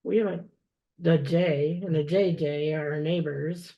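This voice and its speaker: A woman's voice: deep voice, steady tone, a little slow, creaky, muffled recording. A woman client at a reading, answering questions in brief, plain replies. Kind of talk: casual conversation.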